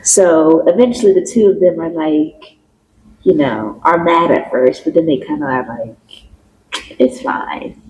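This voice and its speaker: A woman co-hosting a podcast, chatting casually as she retells a play's plot and acts out the quotes in a higher voice. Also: unhurried, darkish tone, a little hiss or hum, rough recording. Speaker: podcast co-host. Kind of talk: casual chat recapping a play.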